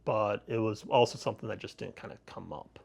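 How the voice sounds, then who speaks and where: Gravelly-voiced man telling stories. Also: lowish voice, brisk, darkish tone. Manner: rambling, frequent restarts and laughs. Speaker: podcast host, guest. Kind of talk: casual interview storytelling.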